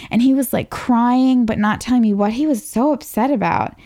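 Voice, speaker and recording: A woman's voice: fairly high pitch, normal speed, dark tone. A woman in her twenties from Northern Virginia, chatting casually about her own past. She is self-mocking and says "like" often. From Northern Virginia, USA. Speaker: interview guest. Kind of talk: casual personal storytelling.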